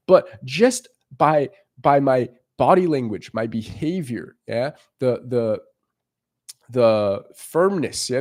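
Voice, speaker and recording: A man's voice: mid-range voice, a little mellow. A man giving dating advice in a casual, emphatic monologue. He swears freely, keeps checking in with "right?", and acts out what strangers might be thinking. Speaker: dating coach.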